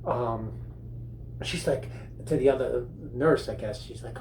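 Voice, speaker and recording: An older man spins a long, meandering story with a gravelly edge in his voice. He stumbles over his words and restarts often, pitched at an ordinary male middle. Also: darkish tone, slight background noise, low-quality recording. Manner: rambling, halting anecdote with restarts and chuckles. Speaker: comedy monologue host. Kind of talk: seated storytelling monologue. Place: bathroom, seated on a toilet.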